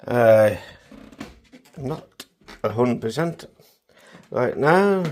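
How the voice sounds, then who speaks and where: A man's voice: mid-range voice, lively intonation, a little mellow, a little hiss or hum. A tired man vlogging casually, rambling and correcting himself as he goes. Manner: rambling, halting, self-correcting. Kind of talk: casual vlog monologue.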